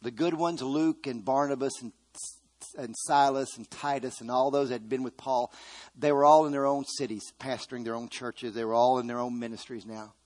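A man's voice: mid-range voice, steady tone, normal speed, darkish tone. A man preaching a sermon, earnestly retelling a story with quoted dialogue.

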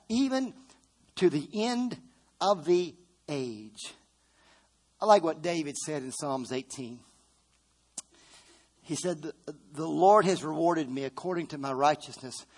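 Fervent middle-aged male preacher, slightly high. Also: breathy edge. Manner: fervent preaching with call-and-response to the congregation; repeats phrases for emphasis, with frequent restarts. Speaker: pastor. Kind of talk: sermon.

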